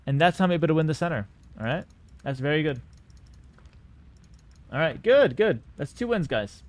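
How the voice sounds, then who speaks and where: A man's voice: a little high, animated, normal speed, darkish tone. A young man, streaming and commenting on a game with cocky, joking banter toward his chat. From Canada. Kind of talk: casual live-stream gameplay commentary.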